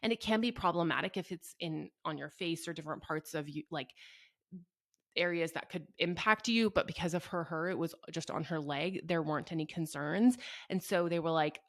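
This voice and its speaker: Chatty young woman, slightly low voice. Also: moderate pace, fairly bright tone, no room sound, clean studio sound. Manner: chatty, earnest, many fillers like "like". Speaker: mother telling her birth story. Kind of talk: casual storytelling.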